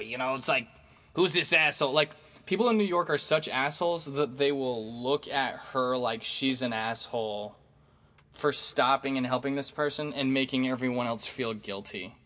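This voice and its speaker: A man's voice: mid-range voice, a bit bright. A man who does stand-up, telling a loose story to his audience with lots of fillers, restarts and swearing. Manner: rambling, profane, many fillers and restarts. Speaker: stand-up comedian. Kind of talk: casual storytelling monologue.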